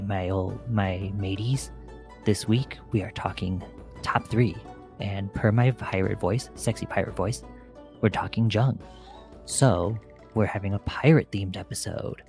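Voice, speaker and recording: A man's voice: on the low side, vocal fry, darkish tone. A young man hosting a casual podcast chat, playful and jokey, often stumbling over his words. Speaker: podcast host.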